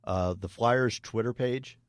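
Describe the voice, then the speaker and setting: A man's voice: medium pitch, takes it slowly, clear, resonant tone, no echo, studio quality. A man co-hosting a casual hockey podcast, easygoing, laughing often and talking with many fillers. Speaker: podcast co-host. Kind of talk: casual sports chat.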